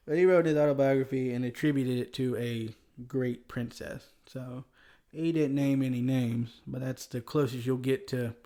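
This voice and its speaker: Southern guy hosting a history podcast, mellow voice, chuckles a lot, easygoing. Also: medium pitch, fairly even intonation, measured pace. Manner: chuckles often, loose and conversational. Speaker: podcast host. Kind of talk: casual history podcast chat.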